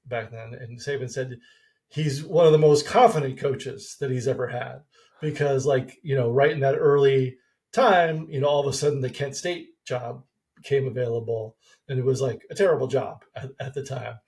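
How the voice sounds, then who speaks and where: A man's voice: mid-range voice, moderate pace. A man co-hosting a podcast, chatting casually with frequent restarts. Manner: relaxed, hesitant with restarts. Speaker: podcast co-host. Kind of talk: casual chat.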